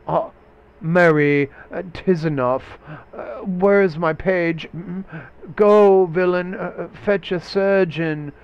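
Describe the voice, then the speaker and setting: A male teacher reading aloud as a stabbed young swordsman, loud and strained as he brushes off his wound. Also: sits high, slow pace, smooth, lo-fi sound, voice pushed up. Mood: wounded, defiant. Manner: loud, strained, mocking downplay. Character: dying young male swordsman, defiant and bitter.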